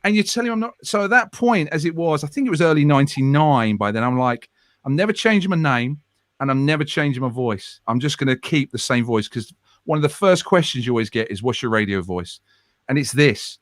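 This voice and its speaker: A radio presenter in his forties chatting as a guest, telling self-deprecating stories with quick, lively asides. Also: mid-range voice, no room sound, clean studio sound. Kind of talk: casual storytelling chat. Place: home room.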